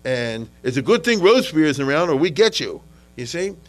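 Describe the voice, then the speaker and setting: A man's voice: on the high side, big pitch swings, brisk, low-quality recording. Chatty man lecturing, checking in often. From United States. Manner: conversational, checks in with "okay?" and "you understand?"; frequent restarts and repetitions. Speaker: history lecturer. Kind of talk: informal history lecture.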